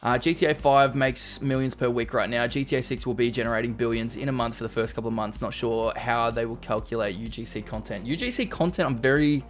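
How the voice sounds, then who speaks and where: A man hosts a relaxed live stream. His chatty voice sits mid-range as he reads viewer comments aloud and reacts to them. Faint music plays softly behind him. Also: medium pitch. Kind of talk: casual live-stream chat. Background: faint background music.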